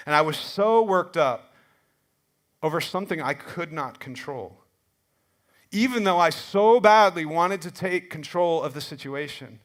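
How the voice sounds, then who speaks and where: Man, middle-aged, pastor, sermon in a church, chatty and animated, fairly high voice. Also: normal speed. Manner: conversational, animated storytelling with frequent "like" and restarts. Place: church sanctuary.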